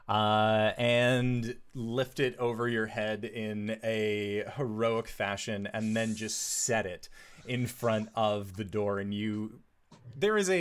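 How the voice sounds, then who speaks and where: A man narrating a tabletop game as game master, slow and relaxed with many pauses. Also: lowish voice, smooth.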